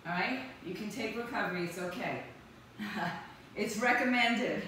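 A woman with a medium-pitched, bright voice and a forceful tone leads a live workout class, calling out counts and cheering the group on. Her cues are brisk and her encouragement upbeat, while the recording comes from a distant mic in a very echoey room with faint noise.

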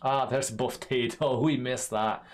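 Streaming live, a young man talks casually to his viewers in an unhurried, steady tone, though he swears, laughs, and his voice often leaps up loud and high.

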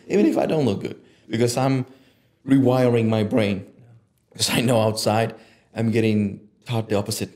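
A man speaking as a guest on a podcast, talking passionately and swearing freely, getting loud and animated when he acts out what he tells himself. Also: mid-range voice, fairly quick. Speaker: podcast guest, image consultant. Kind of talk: casual conversation.

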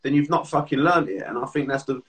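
A man hosting a podcast, telling stories quickly and casually with swearing. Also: medium pitch, recorded from a distance. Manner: rapid storytelling, swearing, animated. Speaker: podcast host and therapist.

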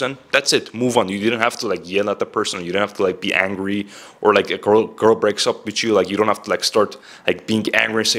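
A man's voice: on the low side, fairly quick, a bit bright. A young man giving casual self-improvement advice in a direct, chatty way, saying "like" and "bro" a lot. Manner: direct, heavy use of "like" and "bro".

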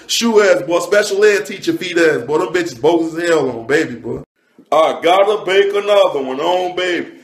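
High-voiced man in a rapid-fire roast. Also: expressive, echoey room. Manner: profane, rhythmic insults with a repeated punchline refrain. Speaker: comedian.

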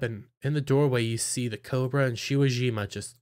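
A man's voice: mid-range voice, a little fast. A man casually recapping and reviewing an anime episode, rambling with lots of fillers and acting out the characters' lines.

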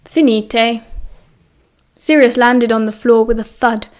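A woman with a British accent reading a novel aloud as an audiobook narrator, with an even storytelling delivery. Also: fairly high pitch, normal speed. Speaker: audiobook reader.

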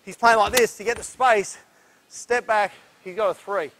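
Energetic, breathless male basketball coach. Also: sits high, normal speed, slight background noise. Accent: Australian. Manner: energetic, instructive, breathless from drills. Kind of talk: coaching clinic demonstration. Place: indoor basketball court.

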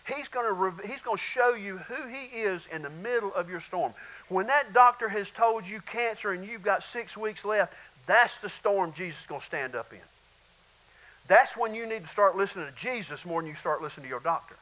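A man's voice: sits high, animated, moderate pace, sharp tone, low-quality recording. A male pastor preaching a sermon in an emphatic, repetitive way, often calling out to the congregation.

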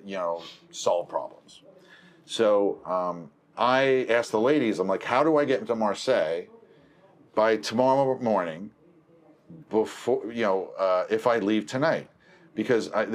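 A male film producer telling a long story in casual conversation, correcting himself as he goes and acting out the dialogue. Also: on the low side. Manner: rambling, self-correcting, acts out quoted dialogue.

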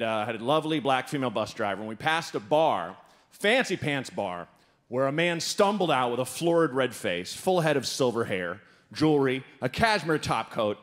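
A man doing stand-up comedy on a live stage, telling a story and acting out the people in it with big jumps in his voice. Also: mid-range voice. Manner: animated, acts out characters with big voice jumps. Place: live stage before an audience.

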